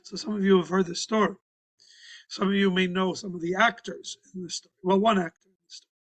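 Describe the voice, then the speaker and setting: High-voiced rabbi telling a story. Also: male voice, fairly even intonation, low-quality recording. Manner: conversational, halting with restarts and fillers. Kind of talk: sermon storytelling. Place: synagogue.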